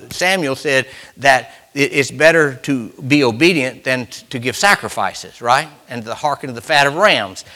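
A man delivers a sermon with a bright, forward tone, pitched a little above most men. He speaks conversationally, circling back to repeat his main phrases and stretching out the words he wants to land. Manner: conversational preaching, repeats and restarts phrases, slows for emphasis. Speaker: preacher.

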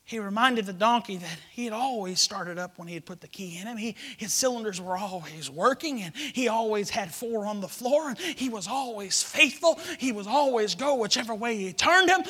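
A man preaching a sermon, acting out a story in character voices and swinging between shouted lines and hushed whispers. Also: extremely high pitch, animated, normal speed, husky.

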